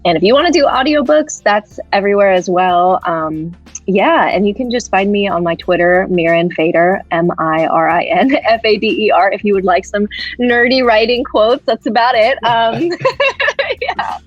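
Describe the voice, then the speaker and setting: A woman's voice: mid-range voice, normal speed, no room sound, faint music behind. Bubbly woman author on a muffled line. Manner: bubbly and effusive. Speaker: author and guest. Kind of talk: podcast interview.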